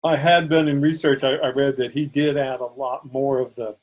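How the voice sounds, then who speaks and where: A man's voice: medium pitch, level tone, moderate pace. Mid-range male co-host who talks in thoughtful, meandering asides. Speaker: podcast co-host. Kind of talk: casual film discussion.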